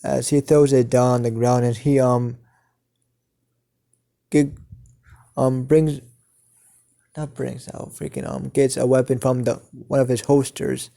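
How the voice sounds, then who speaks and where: Slow gravelly man narrating a fan story. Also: mid-range voice, little pitch movement, dark tone. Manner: halting, many ums and restarts. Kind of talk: improvised fan-fiction narration.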